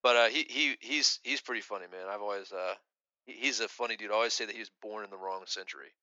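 A man's voice: lowish voice, quick pace, sharp tone, no room sound, muffled recording. A man in his thirties co-hosting a podcast, telling a long casual story with lots of restarts and filler words. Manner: rambling, many restarts and "like" fillers. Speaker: podcast co-host.

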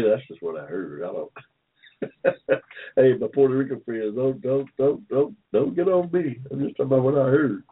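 A man's voice: low voice, slightly rough. Older man hosting a chatty call-in show. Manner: rambling, joking, repeats himself. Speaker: talk show host. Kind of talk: casual chat to listeners. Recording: phone-like line.

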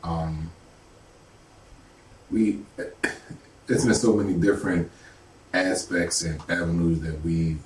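A man co-hosting a casual talk show, speaking in a relaxed, conversational way. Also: low-pitched, slow, pauses often. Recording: roomy, distant mic, faint background noise.

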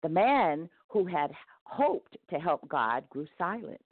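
A woman narrating a devotional story aloud in an expressive read-aloud manner. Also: fairly low pitch, takes it slowly. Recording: tinny phone-like dry sound.

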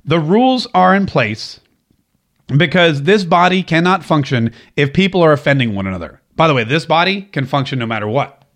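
A man's voice: a little high, expressive, moderate pace, fairly bright tone. A male talk radio host delivering a political monologue, sarcastic and emphatic, repeating phrases for effect.

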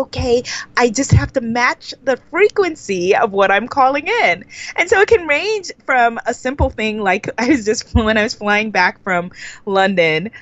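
A woman talking as a podcast guest, relaxed and chatty, with a middling pitch. She tells stories with animated swings, shooting up high when she acts out her own alarm. The sound is dry and a little muffled, like a remote call. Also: no room sound. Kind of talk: casual interview storytelling.

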